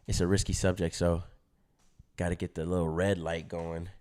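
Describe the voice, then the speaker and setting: A young adult man casually telling a story on his vlog, animated and slangy, laughing at himself and swearing freely. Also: low-pitched, moderate pace. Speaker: vlogger.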